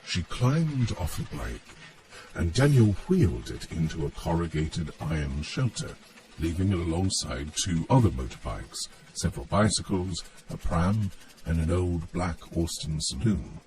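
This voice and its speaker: Deep, slow male storyteller. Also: slight background noise. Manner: measured, expressive storytelling. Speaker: narrator. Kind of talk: storybook reading.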